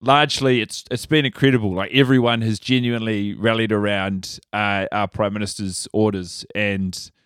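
A man with a New Zealand accent, a comedian guest in casual podcast chat, talking from home early in the morning with a deadpan, mock-serious delivery. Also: fairly low pitch, normal speed, hardly any pauses, clear, resonant tone, no echo, clean studio sound.

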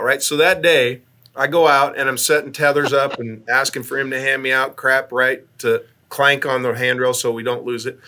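A man from Nebraska, an astronaut guest, telling stories in a casual, animated way and often tagging his lines with "right?". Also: medium pitch, brisk. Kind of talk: casual storytelling interview.

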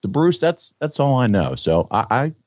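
A man hosting a podcast in casual chat, upbeat and quick to laugh, his voice a bit froggy this early in the morning. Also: mid-range voice, sing-song, a little mellow, no echo, studio quality. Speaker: podcast host.

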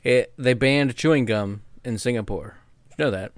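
A man co-hosting a casual chat, animated and laughing often. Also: mid-range voice, moderate pace, dry recording, studio quality.

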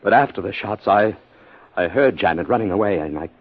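A haggard, distraught young groom who stammers through his story. His voice is husky and a little low, and the recording sounds dull like an old broadcast. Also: animated, fairly quick. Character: shaken haggard young newlywed man. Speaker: widowed groom. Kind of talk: 1950s radio drama acting.

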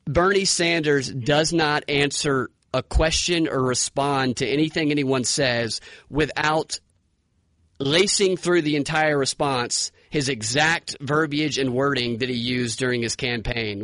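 A man's voice: mid-range voice, measured pace, fairly bright tone, dry recording. Wry podcast host man, dry close sound. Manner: wry, does mocking impressions. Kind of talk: casual political chat.

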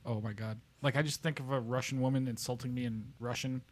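A man co-hosting a podcast in loud, profane, casual banter, laughing often. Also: medium pitch, steady tone, fast. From United States. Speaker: podcast co-host.

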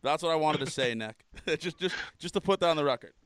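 A man in his thirties hosting a podcast, excitable and jokey, swearing often. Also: a little high, fast, clear, resonant tone, no room sound. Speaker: podcast host. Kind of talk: casual chat.

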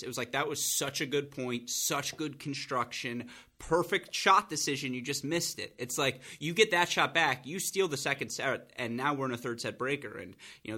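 A man hosting a podcast, chatting casually and telling rambling, excitable stories. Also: medium pitch. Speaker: podcast host.

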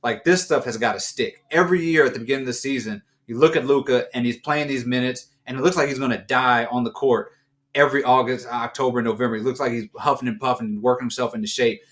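A man's voice: mid-range voice, fairly even intonation, fast talker, fairly bright tone. A man co-hosting a casual sports talk show, rambling through his points with restarts and bursts of laughter. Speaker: co-host.

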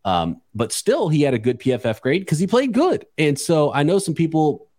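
A man's voice: a little high, very animated, normal speed, darkish tone, no room sound, studio quality. A man hosting a sports podcast, talking bluntly and chattily with frequent restarts. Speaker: podcast host. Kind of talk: casual sports chat.

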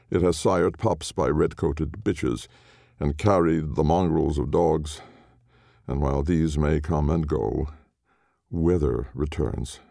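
A man narrating a dark audiobook in a slow, grave, measured way. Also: a bass voice, gravelly, no echo, clean studio sound.

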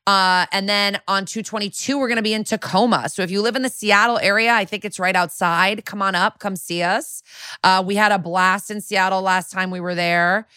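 A woman's voice: mid-range voice, steady tone, normal speed, bright, forceful tone, clean tone, no echo, clean studio sound. A woman in her thirties co-hosting a podcast, chatting casually and recapping with sarcastic asides. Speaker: podcast co-host. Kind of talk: casual chat.

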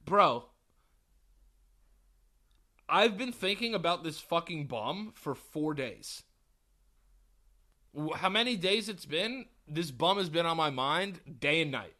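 Young male podcast co-host, bright, slightly high voice, animated and profane storyteller. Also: slow, pauses often. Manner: profane, animated retelling with put-on dialogue. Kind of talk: casual storytelling chat.

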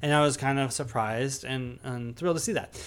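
A man's voice: medium pitch, brisk, smooth. A man co-hosting a podcast, chatting casually through a movie review with many fillers and restarts. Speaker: podcast co-host.

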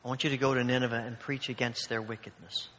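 Brief role: preacher doing God, low-key and patient, echoing in a large hall. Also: male voice, level tone, quick pace, bright, forceful tone, a little hiss or hum, natural voice. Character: patient, matter-of-fact male God.

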